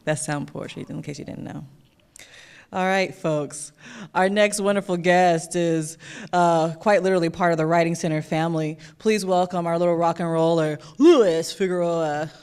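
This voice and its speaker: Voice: medium pitch, steady tone, normal speed, darkish tone, smooth. An enthusiastic host emceeing a college open-mic night and introducing the performers. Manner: upbeat, enthusiastic. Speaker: event host. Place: college event stage.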